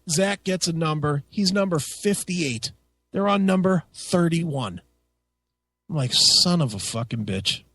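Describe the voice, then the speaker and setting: Profane, animated male radio host. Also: on the high side. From United States. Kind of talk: casual chat.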